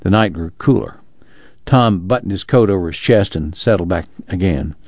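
A man narrating an audiobook in a measured, even reading. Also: deep voice, no room sound, highs cut off.

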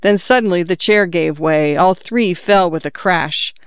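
An audiobook narrator reading a literary novel in a measured, even storytelling manner. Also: mid-range voice, clear, resonant tone, dry recording, studio quality.

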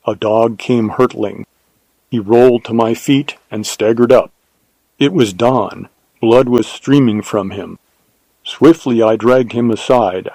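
A man reading a first-person adventure story aloud in a measured, unhurried way. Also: mid-range voice, darkish tone, no room sound, rough recording. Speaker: narrator. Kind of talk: scripted audiobook narration.

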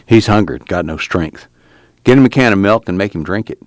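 A man voicing a quiet, steady young man in a rural dialect. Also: sits low, a little fast, dry recording, studio quality.

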